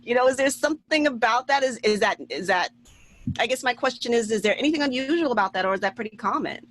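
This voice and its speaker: A woman's voice: on the high side, animated, fast, fairly bright tone. A woman hosting a casual comedy panel chat, talking in a chatty, self-deprecating way with questions that trail off.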